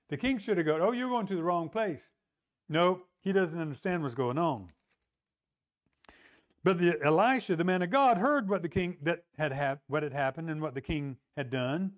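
A man preaching a sermon, retelling a story and acting out the voices in quotes. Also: fairly high pitch. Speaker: pastor.

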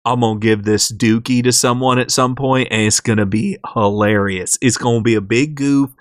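A man's voice: mid-range voice, steady tone, normal speed, no room sound, studio quality, voice pushed down, close to an everyday voice. A man doing a breezy prankster game hero. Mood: gleeful. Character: cheerful prankster male hero companion.

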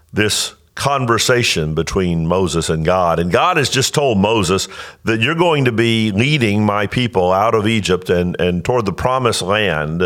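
A man with a fairly low voice gives an earnest Bible teaching as a pastor. He explains step by step and often circles back to restart a phrase. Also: a bit bright.

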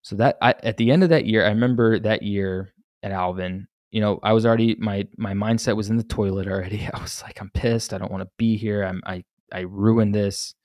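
A man's voice: on the low side, steady tone, brisk, darkish tone, no echo, clean studio sound. A young man hosting a solo podcast, telling his story candidly and with a lot of swearing, full of restarts. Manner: candid, profane, rambling with restarts. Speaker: podcast host.

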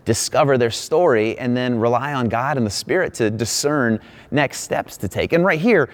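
A middle-aged male pastor delivering a sermon, telling a funny story about himself in an animated, self-deprecating way. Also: medium pitch, normal speed.

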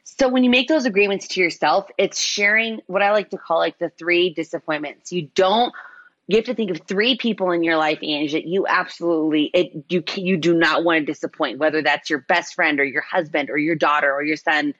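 A woman's voice: lowish voice, fairly quick, fairly bright tone, no room sound, highs cut off. A woman explaining habit change in an earnest, coaching way during a casual interview. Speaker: health coach guest.

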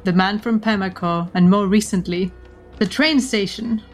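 A woman narrating a tabletop role-playing game as game master, measured and given to laughing. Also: medium pitch, soft background music.

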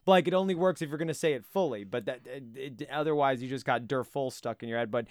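A man co-hosting a comedy podcast, rambling with mock outrage and frequent restarts. His voice sits at a middle pitch and sounds smooth and clean. The recording is close and dry. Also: quick pace, a little mellow, dry recording. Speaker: podcast co-host. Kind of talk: casual comedic banter.

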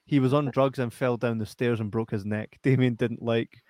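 A man's voice: medium pitch, steady tone, moderate pace, darkish tone, no echo. A man with a Scottish accent hosting a casual live stream, reading out chat messages with lots of laughter and banter. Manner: banters, laughs often, swears.

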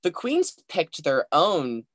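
A man's voice: a little high, wildly swooping pitch, takes it slowly, fairly bright tone, dry recording, clean studio sound. A man co-hosting a podcast in casual chat, hesitant and rambling, full of hedges. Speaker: podcast co-host.

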